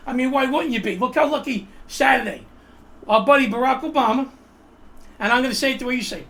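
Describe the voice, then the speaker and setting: A man's voice: very high voice, quick pace, bright, forceful tone. A man hosting a casual political chat show over a video call, joking and rambling as he introduces his guest. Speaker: host.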